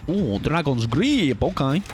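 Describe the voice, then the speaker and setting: A man's voice: a little high, sing-song, slow pace. A British man streaming a game live, rambling and joking with his viewers in casual chat. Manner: rambling, jokey, chats with viewers.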